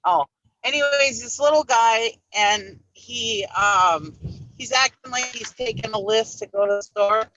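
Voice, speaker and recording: Bright-voiced chatty woman in her forties, Finnish-tinged Upper Midwest accent, heard over a muffled call line. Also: on the high side, measured pace, no room sound. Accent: Finnish-influenced Upper Midwest. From northern Wisconsin. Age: 40s. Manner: chatty, laughing storyteller. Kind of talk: casual chat.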